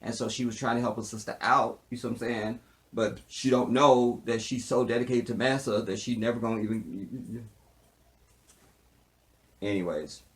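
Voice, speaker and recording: A man talking straight to camera as he recaps a TV episode. His voice sits at an ordinary middle pitch. He jokes around and keeps checking in with "see what I'm saying". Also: fairly even intonation, moderate pace. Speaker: TV show reviewer. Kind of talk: casual recap commentary.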